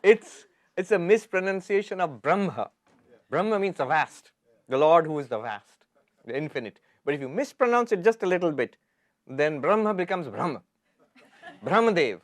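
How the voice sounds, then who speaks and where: A man, a monk giving a spiritual lecture, chanting Sanskrit verses slowly and then explaining them with lively asides. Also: on the high side, dry recording.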